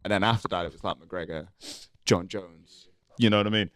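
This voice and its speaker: Fast-talking comic, low voice. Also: male voice, fairly bright tone, dry recording, clean studio sound. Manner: rambling, swears freely, jokey storytelling. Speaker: co-host. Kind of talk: crude comedy banter.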